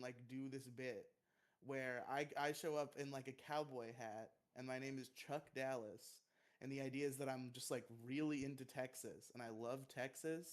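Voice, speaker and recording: A man co-hosting a casual podcast, stammering through ideas, joking and laughing often. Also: medium pitch. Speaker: podcast co-host.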